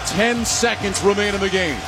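A man calling live football play-by-play on radio, building to excited shouts on the big plays. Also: sits high, normal speed, over loud music, a loud crowd. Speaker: play-by-play announcer. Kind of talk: live radio sports commentary.

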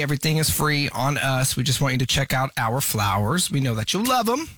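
A man's voice: fairly bright tone, no echo. A male radio host with a slightly raised voice runs a prank call. He talks like a friendly salesman, then turns blunt. It sounds like a radio broadcast. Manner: smooth salesman pitch, then blunt reveal.

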